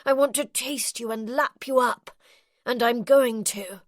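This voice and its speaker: A woman voicing a brooding, seductive male earl, murmuring slowly and hushed with a low growling rasp. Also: no echo, clean studio sound, lightly acted. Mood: sultry. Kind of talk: audiobook character voicing.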